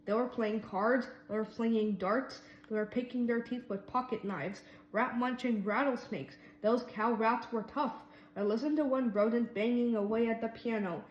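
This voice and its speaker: Woman reading a kids' story aloud, slightly high voice, lively, in a roomy space. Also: moderate pace, a little hiss or hum. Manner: lively, voices each mouse character. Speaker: reader.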